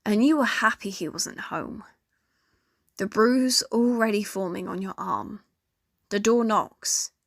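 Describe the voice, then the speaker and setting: A young woman narrating a fan fiction story in second person, in a slow, steady storytelling manner. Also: mid-range voice, vocal fry, no echo, studio quality. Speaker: narrator and voice actor.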